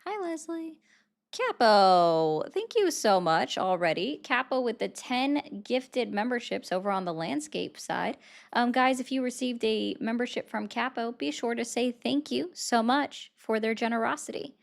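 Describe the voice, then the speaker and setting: A woman hosts a live stream, chatting casually with viewers and callers. Her voice is high for a woman. She rambles and pokes fun at herself. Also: moderate pace, creaky. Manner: chatty, self-deprecating, rambling. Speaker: livestream host taking callers. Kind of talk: casual livestream chat.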